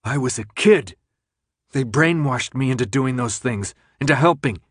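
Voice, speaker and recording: A narrator doing a desperate teenage boy who pushes back hard, with a raw and urgent delivery. The voice stays close to the reader's own, lifted a little in pitch. The recording is dry and close-miked. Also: expressive, moderate pace, slightly rough, no room sound. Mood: pleading. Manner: raw, defiant.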